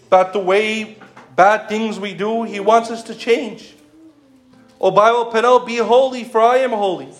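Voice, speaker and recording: High-voiced male preacher in echoey room. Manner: repetitive rhetorical questions, calls listeners by name; switches between English and another language mid-sentence. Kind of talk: sermon.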